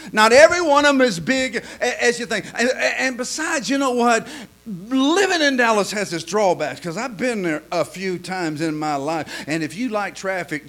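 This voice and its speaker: Man, preacher, joke-telling sermon, folksy, stammering, high-pitched. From lives in Oklahoma. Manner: folksy storyteller, repeats himself, stammers and laughs, swings from quiet to loud.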